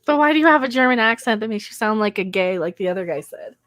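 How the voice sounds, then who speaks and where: Woman co-host, quick teasing retorts, somewhat high pitch. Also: lively intonation, fairly bright tone, no room sound. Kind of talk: casual comedic banter.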